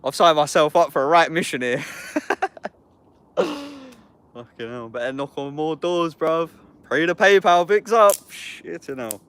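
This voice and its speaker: A man's voice: on the high side, big pitch swings, unhurried, pauses often, fairly bright tone. A young man from Epsom, chatting casually to his livestream viewers, slangy and sweary, tagging bruv onto everything. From Epsom, England. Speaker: YouTuber talking to viewers.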